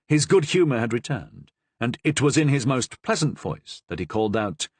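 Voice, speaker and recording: A man reading a historical novel aloud with expressive, measured narration. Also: mid-range voice, slightly rough, dry recording. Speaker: audiobook narrator. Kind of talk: scripted narration.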